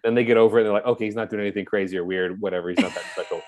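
A young actor appearing as a guest talks about his past in a relaxed, casual interview. His voice is on the low side and he speaks at a racing pace, laughing often and acting out what others said.

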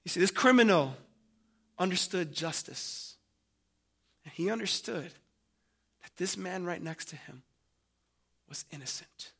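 A man preaching a sermon, dramatic, swinging from loud emphasis to hushed tones and calling his listeners family. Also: sits high, expressive, unhurried, vocal fry, pauses often, slightly rough.

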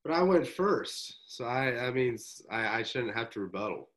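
A man's voice: medium pitch, big pitch swings, moderate pace, a bit bright. A man co-hosting a casual podcast, bantering and arguing his point in a joking way. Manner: argumentative, joking.

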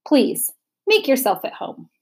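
A woman voicing a brisk, matter-of-fact magician. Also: sits high, sing-song, vocal fry, a little mellow, slightly rough, full character voice.

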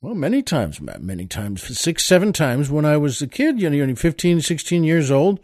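A man's voice: on the high side, very animated, a little fast, darkish tone, no echo, studio quality. A man from the New York area hosting a show, telling jokes and stories in a rambling, chatty way with lots of asides. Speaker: podcast host. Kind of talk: comic storytelling monologue.

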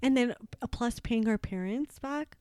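A woman's voice: fairly high pitch, a little slow, a little mellow, smooth, no room sound. A woman in her twenties from Canada, chatting casually and rambling through a story with lots of fillers and swearing. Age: 20s. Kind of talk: casual chat.

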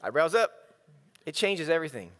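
A man preaches in a humorous, self-mocking way, acting out little scenes as he tells stories. His fairly high voice swings widely in pitch. A long reverb from a big hall trails behind it. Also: sing-song, a little fast. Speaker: speaker. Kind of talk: humorous sermon storytelling.

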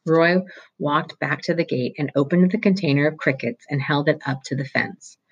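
Husky reader going through a novel chapter, mid pitch, steady with little slips. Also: moderate pace, muffled recording. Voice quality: steady reading with small slips and restarts. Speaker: audiobook reader. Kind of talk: reading a novel aloud.

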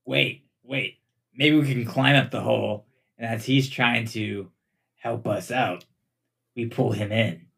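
A man at a tabletop game who jokes and throws out quick plans. His voice is husky with a gravelly edge, bright and forward. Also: medium pitch, fairly even intonation. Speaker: player. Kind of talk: casual tabletop chat.

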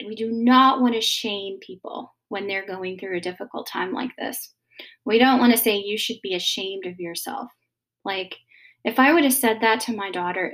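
A woman, in her thirties, talking casually and gently about parenting, with many pauses and fillers. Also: mid-range voice. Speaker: mother giving parenting advice. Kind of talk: casual advice talk.

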